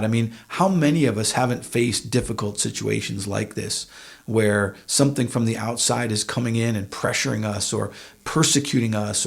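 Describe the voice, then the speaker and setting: Church podcast teacher, male, mid-pitched, relaxed conversational scripture teaching with emphatic lifts. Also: creaky, husky. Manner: conversational, with frequent "uh" and emphatic rises. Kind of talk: casual Bible teaching.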